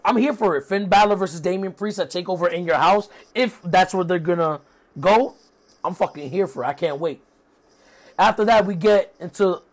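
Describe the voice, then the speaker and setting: Profane, high-pitched young man doing a recap. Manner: loose and profane, with many fillers and asides. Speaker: wrestling show reviewer. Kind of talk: casual recap commentary.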